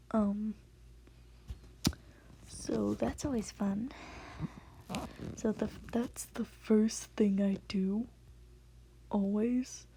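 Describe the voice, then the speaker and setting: A woman giving a casual spoken voice lesson from home at night, in a hushed, half-whispered way with many fillers. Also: mid-range voice, steady tone, extremely slow, creaky, long pauses, slight background noise, rough recording. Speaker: voice tutorial creator.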